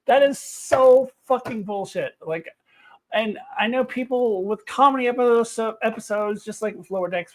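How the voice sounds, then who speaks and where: A woman reviewing TV episodes to camera, ranting in an exasperated, animated way with frequent laughter and swearing. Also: mid-range voice, moderate pace. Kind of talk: unscripted review rant to camera.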